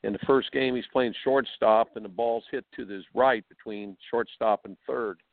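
A man coaching, telling a story in a casual, animated way and repeating words when he gets excited. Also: mid-range voice, moderate pace, creaky, no echo. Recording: tinny phone line.

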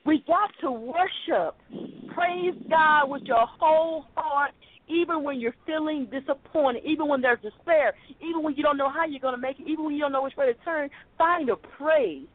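A woman's voice: high voice, moderate pace. A woman preaching a sermon over a phone call, fervent and rhythmic, repeating her phrases. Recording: tinny phone line.

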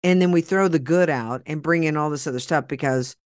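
A podcast host from Oklahoma, with an Oklahoma accent, chats casually with a guest in a blunt, folksy, rambling manner, then moves into a sponsor plug. His voice is fairly high and brisk, recorded at studio quality with no echo.

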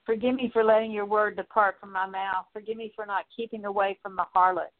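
A woman leading a spoken prayer of repentance, earnest and steady, working through a long list with frequent small fillers. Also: medium pitch, fairly quick. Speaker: prayer minister. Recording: tinny phone-like line.

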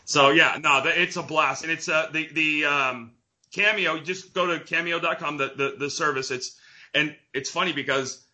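A middle-aged man and former pro pitcher, chatting casually as a guest in a remote interview, blunt and joking, swearing freely. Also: fairly even intonation, moderate pace, sharp tone.

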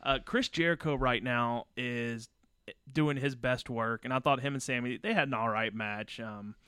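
A man's voice: mid-range voice, moderate pace, pushed and bright, clear, resonant tone, no room sound, clean studio sound. A man on a wrestling podcast, chatting casually in brief, easygoing remarks. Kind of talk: casual chat.

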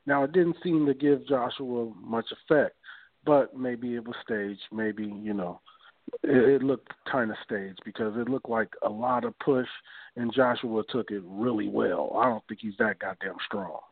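A man's voice: mid-range voice, measured pace, no room sound. Male podcast co-host, casual and slangy, dry phone-like audio. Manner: laid-back slangy banter. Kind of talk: casual chat.

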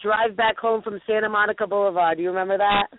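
A woman hosting a call-in radio show, chatting casually in an excitable, gushing way. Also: medium pitch, no room sound. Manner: excitable and gushing, quick laughs. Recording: tinny phone-quality line with faint hiss.

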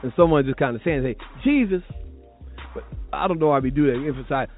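A man with a Southern US accent hosting a Sunday morning gospel radio talk show, playful and exclaiming loudly at times. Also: mid-range voice, racing, faint music behind. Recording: tinny phone-like broadcast audio.

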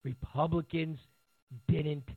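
A man delivering an animated, sarcastic political monologue as a commentator. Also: on the high side, takes it slowly, slightly rough, dry recording, narrow, tinny audio.

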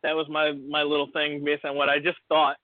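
Man, high voice, casual podcast chat, rambling storyteller, tinny phone-like sound. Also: monotone, a little fast, dry recording. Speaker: podcast co-host. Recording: tinny phone-like line, dry.

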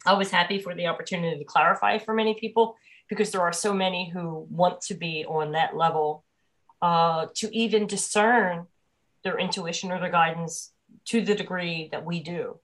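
A woman hosting a spiritual talk show, chatting casually and telling animated stories with frequent laughter. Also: lowish voice, normal speed. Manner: animated storyteller, laughs often. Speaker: host. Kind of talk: casual chat.

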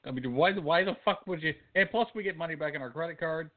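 A man co-hosting a podcast in casual chat, blunt and swearing, tossing in quick jokes. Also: on the high side. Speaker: podcast co-host. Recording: tinny phone-like sound.

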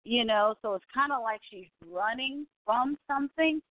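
A woman's voice: a little high, moderate pace, no echo. A woman from California hosting a live online talk show, rambling in a casual, chatty way, with lots of asides. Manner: chatty, full of "you know" and asides. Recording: dry, tinny phone-like sound.

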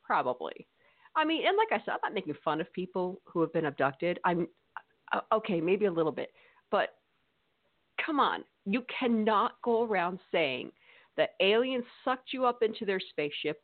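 A woman co-hosting a podcast in casual chat, teasing and laughing often. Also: medium pitch. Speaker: podcast co-host. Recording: tinny phone-like audio.

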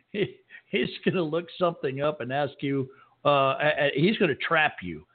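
A man co-hosts a relaxed podcast and answers his partner with playful, teasing remarks. His voice sits slightly high for a man. It comes through a narrow, phone-like line. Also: moderate pace. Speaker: podcast co-host. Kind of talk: casual chat.

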